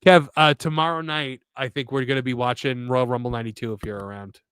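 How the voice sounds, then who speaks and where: A man's voice: medium pitch, steady tone, quick pace, a bit bright, smooth, no echo. A man hosting a casual wrestling talk show, reading out viewer messages with jokes and laughter, his throat sore. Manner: laughing, joking, mock-reading in voices. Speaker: podcast host.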